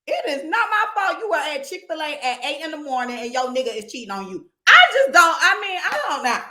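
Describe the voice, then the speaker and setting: A woman co-hosting a podcast, telling a story in casual chat, animated and profane, acting out the people she quotes. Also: high voice, fairly quick. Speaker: podcast co-host. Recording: echoey room.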